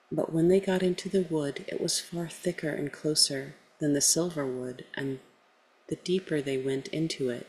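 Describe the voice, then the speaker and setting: A woman storyteller reading a folktale aloud in a measured way, letting her lines fall at the ends. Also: a bass voice, rough recording.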